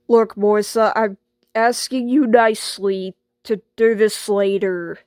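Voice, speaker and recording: A woman's voice: mid-range voice, steady tone, unhurried, darkish tone, no room sound, clean studio sound. A woman playing the boss in a homemade skit, patient but firm and scolding.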